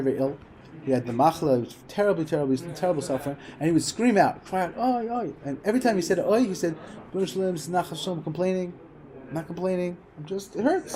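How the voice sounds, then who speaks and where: Animated fast-talking man teaching Torah. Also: a little high. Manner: animated, storytelling, repeats phrases for emphasis. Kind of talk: informal Torah class.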